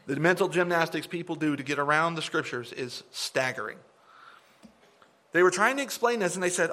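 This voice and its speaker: Before a gathered congregation, a preacher delivers an animated, emphatic sermon at a fairly quick pace. His voice is a little higher than typical for a man and climbs sharply as he drives his points home. He does mocking impressions of his opponents.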